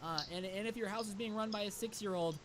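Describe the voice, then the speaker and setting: A man telling a story in an animated, sarcastic way. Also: high voice, fast talker. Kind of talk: storytime narration. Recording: noisy background hiss.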